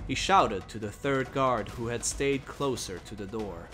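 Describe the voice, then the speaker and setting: A man reading a fantasy story aloud in a measured, steady storytelling voice. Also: medium pitch, soft background music. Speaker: narrator. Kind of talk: dramatic audiobook narration.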